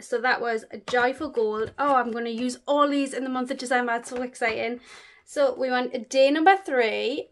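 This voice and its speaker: A woman's voice: a little high, normal speed. A woman beauty vlogger chatting casually through a product unboxing, gushing, with many fillers.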